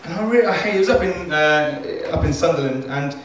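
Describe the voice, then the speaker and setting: Fairly high-pitched and brisk, a male comedian rambles through a sweary, self-deprecating stand-up routine on a club stage. The recording comes from far off in an echoey club, with a bit of background noise.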